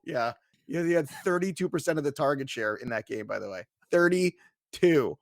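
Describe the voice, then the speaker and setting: Male podcast co-host, eager and emphatic, a touch high-pitched, dry studio sound. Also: moderate pace, creaky, no room sound. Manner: excitable, emphatic, laughs often. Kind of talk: casual fantasy football chat.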